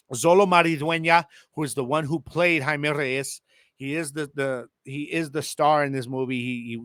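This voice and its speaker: A man hosting a casual solo podcast with a Chicano English accent, talking to his listeners in a lively, slangy way. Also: on the high side, clean tone, no echo, clean studio sound. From El Paso, Texas. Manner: animated, slangy, addresses listeners directly. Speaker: podcast host.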